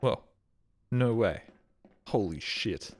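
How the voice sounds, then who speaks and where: A man's voice: lowish voice, lively intonation, slow pace. Sweary self-mocking male streamer. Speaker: game streamer. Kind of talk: casual live-stream chat. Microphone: streaming microphone.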